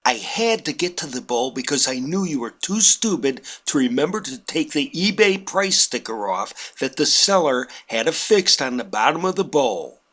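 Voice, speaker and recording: A man voicing his smug, gleeful wife, calm and nonchalant with a snarky edge. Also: medium pitch, normal speed, few pauses. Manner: nonchalant, matter-of-fact.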